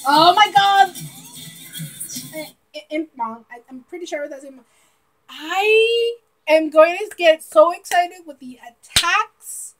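Young woman gushing over a trailer, really high squeaky voice, drawn-out slow talk, giggly and loud. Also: faint music behind. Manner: giggly and excitable, bursts into shouts. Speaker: vlogger reacting to a trailer. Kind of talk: excited reaction commentary.

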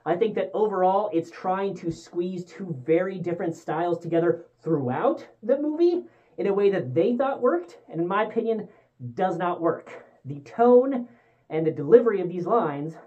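A woman's voice: on the low side, dark tone, dull audio. Rambling young woman reviewing a movie. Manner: rambling and candid, with frequent fillers and self-corrections. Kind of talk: casual movie review vlog.

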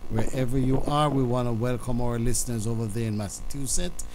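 A man hosting a gospel call-in radio show from a studio, who talks in repeated phrases and reads out announcements slowly and deliberately. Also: medium pitch, steady tone, background noise.

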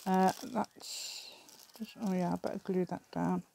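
A woman's voice: fairly low pitch, level tone, unhurried, vocal fry, dark tone, slight background noise. A middle-aged woman with an English accent chats casually while crafting at her table, rambling, thinking aloud and often laughing. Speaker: craft vlogger. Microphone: camera on the table.

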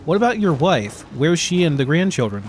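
A man's voice: fairly high pitch, big pitch swings, a little fast, a little hiss or hum. A man voicing an aging, weary emperor who mutters and growls his complaints while reading a game book aloud. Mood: grumbling. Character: weary aging male emperor, grumbling and petulant.

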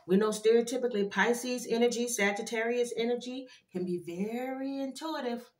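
A woman doing a casual tarot card reading for her viewers, animated and chatty, with frequent exclamations. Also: on the high side, moderate pace. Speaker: tarot reader. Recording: echoey room.

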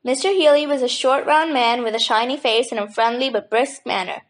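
A woman narrating a children's mystery audiobook in a steady, clear reading. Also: fairly high pitch, fairly quick. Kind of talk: scripted storybook narration.

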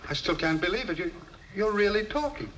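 An actor playing a flustered racetrack gentleman in a 1950s film comedy, astonished and fretful. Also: sits high, expressive, fairly quick, slight background noise, poor audio.

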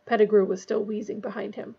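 Husky-voiced woman reading a novel aloud. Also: mid-range voice, little pitch movement, quick pace, dull audio. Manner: casual recap before reading. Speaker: reader.

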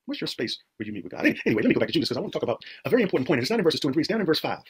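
Very husky fast-talking male preacher. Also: a little high, sing-song. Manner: emphatic, repeats phrases, rhetorical questions to the congregation. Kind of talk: sermon.

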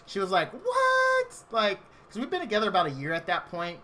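A man in his thirties spins a chatty, rambling story for his stream viewers. His voice sits a little high and rings bright and forceful. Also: animated, very fast, a little hiss or hum. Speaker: game streamer. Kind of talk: casual storytelling on a live stream.

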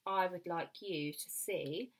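A young woman teaching a phonics lesson to small children, slowly sounding out each letter and word. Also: on the low side, noisy background. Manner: slow, clear sounding-out of letters. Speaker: primary school teacher.

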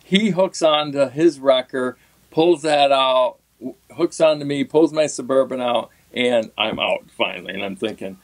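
A middle-aged man casually telling a long story as a podcast guest, animated and laughing now and then. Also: on the high side, unhurried, no echo. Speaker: podcast guest, tournament fishing pro.

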